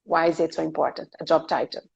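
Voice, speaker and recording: A woman's voice: deep voice, fairly even intonation, quick pace, gravelly, lo-fi sound. A woman hosting a career interview, chatty and laughing often as she explains with examples. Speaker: podcast host interviewing a career guest. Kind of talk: casual interview chat.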